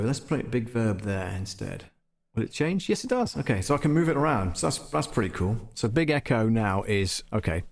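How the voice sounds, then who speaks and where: A man's voice: lowish voice, vocal fry. Chatty man demoing audio gear. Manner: chatty, thinking aloud, laughs at own jokes. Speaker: host demonstrating audio gear. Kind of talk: casual live-stream tutorial.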